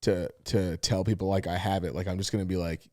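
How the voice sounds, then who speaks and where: A man's voice: sits low, steady tone, quick pace, a little mellow. A young man co-hosting a podcast, telling candid personal stories in casual, profane chat. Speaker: podcast co-host.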